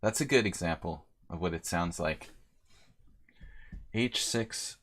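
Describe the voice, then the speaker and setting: Deep-voiced man streaming chess. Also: slow pace, a bit bright. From United States. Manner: chatty and joking, answering chat mid-game. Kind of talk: live-streamed game commentary, thinking aloud.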